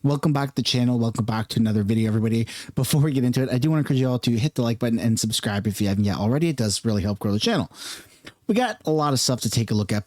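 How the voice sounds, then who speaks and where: A man in his thirties talks straight to camera in a casual vlog, chatty and earnest and open about his feelings. His voice sits at an ordinary middle pitch. The recording is close and dry, with no room echo. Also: darkish tone. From Canada. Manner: chatty and earnest, openly emotional. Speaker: YouTube commentator.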